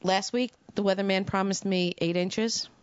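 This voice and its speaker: A woman co-hosting a casual studio show, giggly and quick with bawdy quips. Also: mid-range voice, steady tone, clear, resonant tone, no echo, lo-fi sound. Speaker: co-host. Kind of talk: casual banter.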